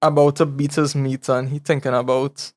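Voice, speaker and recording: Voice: mid-range voice, normal speed. A podcast co-host spinning a comedic story with frequent laughter and loose grammar. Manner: animated storyteller, laughs often, nonstandard grammar. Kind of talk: casual comedic brainstorming.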